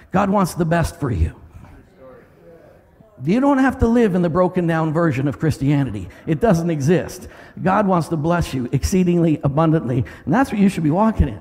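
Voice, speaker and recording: A middle-aged male pastor preaching a sermon, telling a story with lively energy and breaking into loud commanding shouts. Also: high voice, slightly rough. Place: church sanctuary. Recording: long reverb of a large hall.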